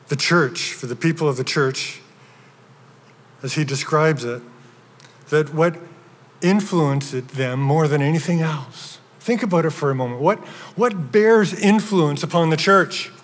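Man, pastor, earnest sermon, stumbling restarts, fairly high-pitched, reverberant sanctuary. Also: measured pace. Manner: earnest preaching with repeated restarts and rising emphasis. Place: church sanctuary. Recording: long hall reverb.

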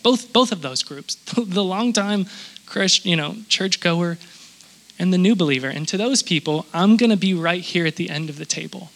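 Earnest high-voiced male pastor. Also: fairly bright tone, poor audio. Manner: earnest, conversational preaching. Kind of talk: sermon.

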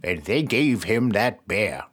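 A game reader putting on a low, slow, grave voice for an old grandfather speaking from his deathbed. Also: very animated, a bit bright, breathy edge, exaggerated voice. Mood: solemn.

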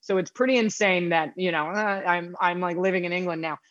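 Profane animated American woman, dull sound. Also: fairly low pitch, fairly quick, no room sound. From United States. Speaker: podcast guest. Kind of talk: casual storytelling chat. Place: apartment in London.

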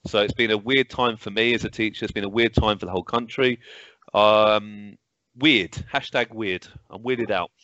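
A man's voice: on the low side, fairly even intonation, moderate pace, pushed and bright, no echo. A male teacher co-hosting a podcast over a video call, chatty and self-mocking. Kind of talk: casual chat. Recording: dull video call audio.

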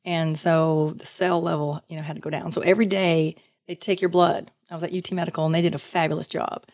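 Lady guest w a lowish voice, chatty storyteller, does the voices, laughs a lot, dry sound. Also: quick pace, no room sound. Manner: lively storyteller, acts out quoted voices, laughs often. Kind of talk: casual storytelling interview.

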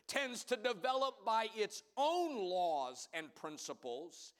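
A man preaching a sermon as pastor, building from measured teaching to fervent shouting. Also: high-pitched.

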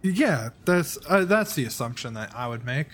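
A man's voice: medium pitch, lively intonation, moderate pace. A man co-hosting a podcast in casual chat, rambling and often restarting his sentences. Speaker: podcast co-host.

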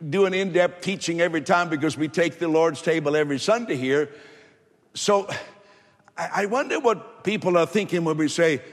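Preaching man in an echoey hall. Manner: emphatic preaching, rising loud then dropping low. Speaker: pastor. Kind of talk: sermon.

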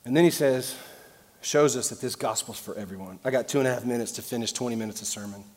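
A man preaching a sermon as pastor, out of breath and impassioned, shifting between loud preaching and quieter asides. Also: medium pitch, fast talker. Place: large church sanctuary. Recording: church hall reverb.

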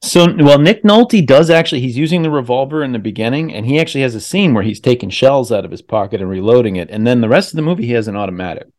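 A man hosts a relaxed podcast chat. His pitch rises and falls a lot as he teases his guests. He talks loosely and casually. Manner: animated, quick to tease. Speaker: podcast host.

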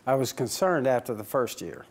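A man telling his story in an interview, lively and animated, voicing each quoted line as he goes. His pitch sits in an ordinary middle range for a man. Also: moderate pace. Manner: animated, acts out quoted dialogue with laughs. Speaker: racing team owner.

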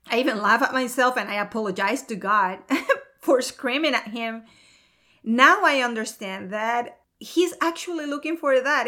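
High, bright-voiced woman sharing her testimony. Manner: earnest and emotional, with laughs. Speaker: mother of two. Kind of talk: personal faith testimony.

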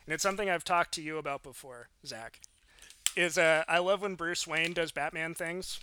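A man's voice: on the high side, normal speed, pushed and bright, slight background noise. A man co-hosting a casual podcast, chatting about movies, swearing casually and laughing often. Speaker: podcast co-host.

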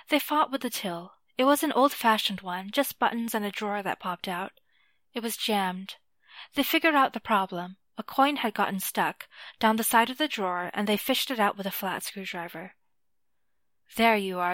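A woman narrating a fictional story in a measured, scripted reading. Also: medium pitch, a bit bright, no room sound.

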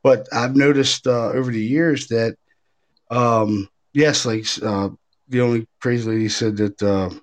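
Guy hosting a paranormal chat, rambling and animated, lots of uhs. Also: medium pitch, measured pace. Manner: animated storyteller, many fillers and restarts. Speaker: podcast host, paranormal investigator. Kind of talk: casual chat.

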